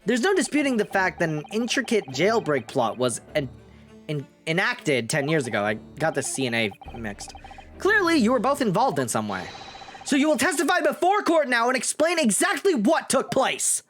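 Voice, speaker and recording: A man's voice: sits high, wildly swooping pitch, moderate pace, a bit bright, faint music behind, pitched above the performer's own voice, full character voice. A man voicing an earnest, eager young male defense lawyer, pressing hard with a raised voice.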